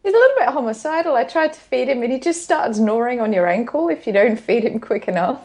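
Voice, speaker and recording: A woman's voice: a little high, fast. A woman with an Australian accent, co-hosting a podcast in casual, bawdy chat, giggling often as she tells stories. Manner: giggly, bawdy, animated storytelling. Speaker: podcast co-host. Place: home in Scotland.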